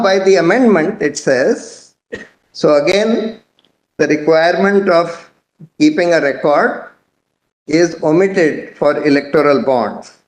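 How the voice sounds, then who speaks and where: Indian man arguing in an echoey courtroom. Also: sits high. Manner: measured, methodical, formally addresses the bench. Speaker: advocate arguing before a court. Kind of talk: courtroom legal argument.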